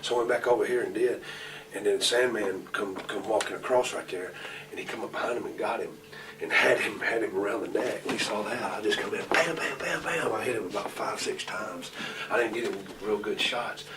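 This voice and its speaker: A man in his forties tells rambling, profane stories in a shoot interview. His voice sits fairly low and he talks bluntly. The mic is set well back and room noise hangs behind him. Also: brisk. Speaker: pro wrestler interview guest. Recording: distant mic, noisy room ambience.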